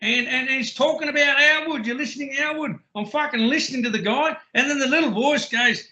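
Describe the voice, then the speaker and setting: A man's voice: very high-pitched, a little fast, few pauses, pushed and bright. A man on a voice call, arguing in a mocking, profane, sarcastic way. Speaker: caller on a group call. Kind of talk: heated argument on a voice call.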